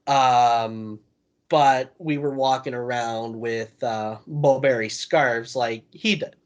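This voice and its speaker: A man's voice: mid-range voice, fairly even intonation, takes it slowly. A man on a podcast telling a laid-back, profane anecdote in casual chat. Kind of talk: casual storytelling.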